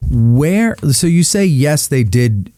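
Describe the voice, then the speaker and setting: A man hosting a relaxed podcast chat, with a mid-pitched, mellow voice that rises and falls a lot. He is easygoing and keeps chiming in with agreement. The recording is dry and close. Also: takes it slowly, no echo. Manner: easygoing, affirming, frequent "yeah"s. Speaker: podcast host. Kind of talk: casual podcast conversation.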